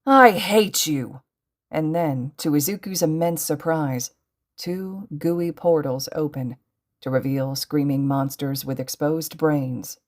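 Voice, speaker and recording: A woman reading fan fiction aloud as a podfic narrator, with steady, even storytelling. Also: deep voice, measured pace. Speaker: podfic reader.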